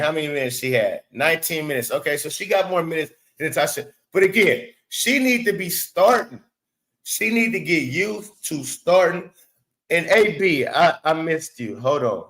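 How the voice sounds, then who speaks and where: A man's voice: fairly high pitch, fairly bright tone, low-quality recording. A man hosting his own show, giving casual basketball commentary in blunt, profane, exasperated rants and repeating words for emphasis. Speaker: sports show host.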